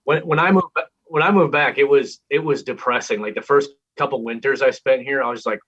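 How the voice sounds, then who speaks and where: A man's voice: medium pitch, expressive, fairly quick, a bit bright. Chatty Minnesotan man, dull lo-fi sound. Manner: rambling, laughs often, self-mocking. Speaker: morning radio host, guest. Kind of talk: casual interview chat. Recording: dull lo-fi remote audio.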